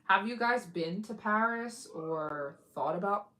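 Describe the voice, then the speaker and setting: This woman has a bright, forceful mid-range voice with lively intonation and a measured pace. Hosting a casual travel-vlog live stream, she chats directly with viewers, giggles often, and performs others' lines in put-on voices.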